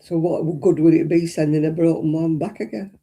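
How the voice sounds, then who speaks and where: A woman's voice: low voice, fairly even intonation, fairly quick, creaky, dark tone, slightly rough. An older woman, chatting casually as host of a crafting livestream and rambling through anecdotes. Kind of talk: casual chat.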